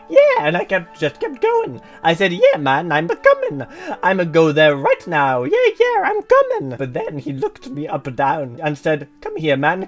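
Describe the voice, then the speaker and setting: A man voicing a cheerful Mario with an exaggerated fake Italian accent, reading a comedic script in a high, rambling, cartoonish voice.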